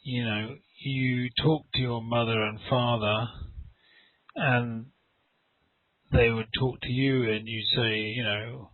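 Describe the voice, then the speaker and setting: A man's voice: medium pitch, slow, dry recording. Man over a tinny call. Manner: rambling, repeats words, acts out little dialogues. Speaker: English teacher. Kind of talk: conversational online English lesson. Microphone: video call. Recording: dry, tinny call audio.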